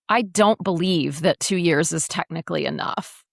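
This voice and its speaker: A woman in her forties, an educator speaking as a podcast guest, telling her story in a frank, animated, often profane way. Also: lowish voice, moderate pace, gravelly, no echo, studio quality. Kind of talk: candid casual interview.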